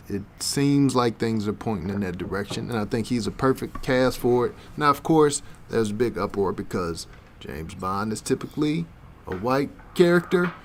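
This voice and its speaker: Wry man with faint background noise. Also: medium pitch. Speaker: podcast co-host. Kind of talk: casual chat.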